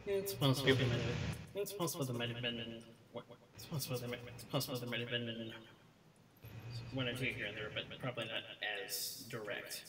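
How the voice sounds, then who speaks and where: A man's voice: medium pitch, fairly quick. A man chatting on a podcast, hesitant and restarting his sentences. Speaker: podcast co-host. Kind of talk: casual chat. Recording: echoey room, distant mic, clear noise.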